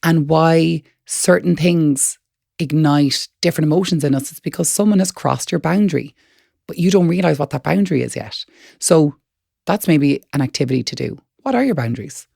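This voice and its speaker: Gravelly earnest woman podcast host. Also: low-pitched, normal speed, dark tone, no room sound, studio quality. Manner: earnest, encouraging, repeats words while thinking. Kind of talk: reflective wellness chat.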